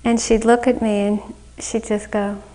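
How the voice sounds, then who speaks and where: A woman meditation teacher giving a dharma talk on retreat, slow, gentle and reflective, often laughing at her own stories. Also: fairly high pitch, flat delivery, heavy background noise. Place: retreat center meditation hall.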